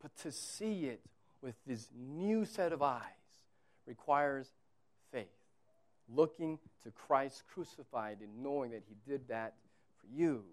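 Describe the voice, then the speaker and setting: A man in his thirties preaching a sermon as pastor, conversational, moving between quiet asides and loud, emphatic repetition. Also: medium pitch, expressive, slow.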